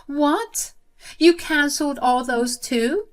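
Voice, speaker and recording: A woman voicing an entitled, panicky sister-in-law with a high, shrill voice in a read-aloud story. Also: expressive, slow. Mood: furious.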